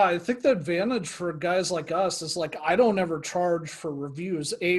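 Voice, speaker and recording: A man with a high-pitched voice talks shop in a relaxed conversation with another creator. He is chatty and informal and leans on filler words as he goes. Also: slightly rough. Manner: chatty, lots of "like" and "you know". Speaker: small guitar gear video creator. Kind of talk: casual chat between online creators.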